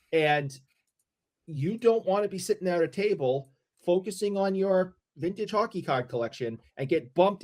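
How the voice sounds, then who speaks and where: A middle-aged man co-hosting a podcast, chatting casually and telling a story with excited repeats. His voice sits somewhat high for a man. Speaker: podcast co-host. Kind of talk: casual chat.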